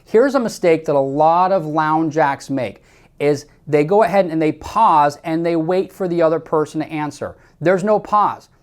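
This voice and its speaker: A man's voice: a little high, normal speed. A man coaching salespeople in a training talk, emphatic and repetitive, speaking straight to the listener with firm instructions.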